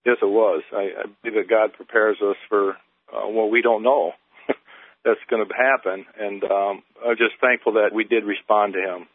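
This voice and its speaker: Halting older man on a phone line. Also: on the low side, steady tone. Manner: halting, many uh and um, gets emotional. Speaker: caller. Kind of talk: phone-in testimony.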